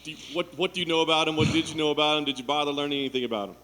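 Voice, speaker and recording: Male reporter, quick casual questions, hall reverb. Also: fairly high pitch, fairly even intonation, bright, forceful tone. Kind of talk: press interview questions.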